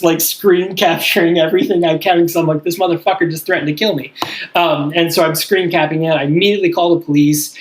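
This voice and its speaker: Fast-rambling young man, higher voice. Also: rough recording. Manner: profane, rambling, heavy use of "like". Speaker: podcast host. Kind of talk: casual storytelling chat.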